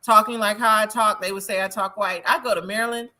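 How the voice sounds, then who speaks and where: A woman from the American Midwest co-hosting a casual talk. Her voice is bright and mid-pitched, and she tells personal stories with frequent laughs. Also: fairly even intonation, fast. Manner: storytelling, laughs often. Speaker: co-host. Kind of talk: casual panel chat.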